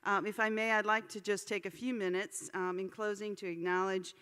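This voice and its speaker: Smooth-voiced woman hosting an event. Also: mid-range voice, level tone, brisk, fairly bright tone. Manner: polished, thanking and presenting. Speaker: event host. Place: large event hall. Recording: hall reverb with audience.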